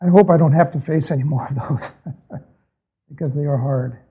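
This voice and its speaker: A man's voice: on the high side, moderate pace, a little hiss or hum. A man preaching a sermon as a pastor, earnestly reading scripture and asking his listeners reflective questions. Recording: tinny phone-like recording.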